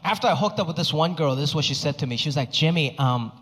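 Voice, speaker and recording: A male stand-up comedian performing a live set, animated and acting out other people's voices. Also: rapid-fire. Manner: animated, acts out other people with big pitch jumps. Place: comedy stage before a live audience. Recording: live hall reverb with crowd noise.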